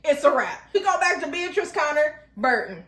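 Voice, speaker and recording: A woman hosting a casual, animated TV episode recap. She chats, laughs often and keeps asking rhetorical questions. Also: sits high, moderate pace. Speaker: TV recap host. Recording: echoey room.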